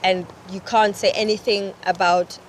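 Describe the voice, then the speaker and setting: A woman's voice: medium pitch, little pitch movement, normal speed, a little hiss or hum. A woman co-hosting a travel show outdoors in a seaside village, chatting in a bubbly, teasing way. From South Africa. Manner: bubbly, teasing, laughs often. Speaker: co-host. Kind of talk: casual travel chat.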